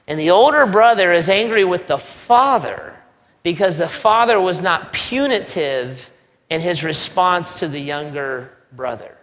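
A male pastor preaching a sermon in a conversational, animated way, with joking asides. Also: high-pitched, unhurried. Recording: long reverb of a large hall.

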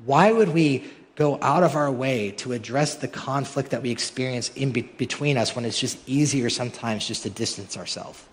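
A man's voice: medium pitch, normal speed, hardly any pauses. Man preaching in a reverberant church hall. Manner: rhetorical, building to emphatic peaks. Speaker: pastor. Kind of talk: sermon.

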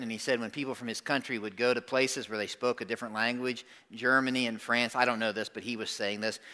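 Male pastor, crisp bright tone, casual sermon delivery, drops low then gets loud. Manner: conversational preaching, swings from hushed to loud emphatic bursts. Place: church service before a congregation.

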